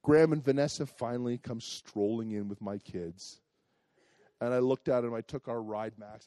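This man is a pastor preaching a sermon, and he brings a personal story to life by acting out the voices of its characters. He speaks in a medium pitch at a moderate pace, with no room sound on the recording.

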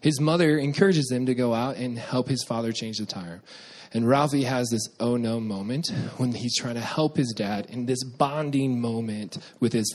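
A young man preaching a sermon, telling a childhood story with lively quoted voices before reading scripture. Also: medium pitch. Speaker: pastor.

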